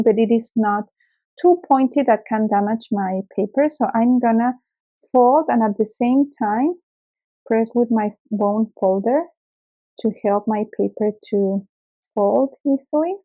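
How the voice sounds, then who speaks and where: Slow, careful woman crafter. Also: on the high side, highs cut off. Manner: slow, careful explaining with fillers. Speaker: craft tutorial host. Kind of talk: step-by-step craft tutorial.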